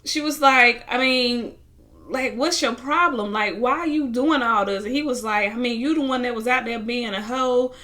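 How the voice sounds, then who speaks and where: A young woman with a slightly high voice casually recaps a reality show at normal speed. She retells scenes with animation, acts out what people said, and breaks into bursts of laughter.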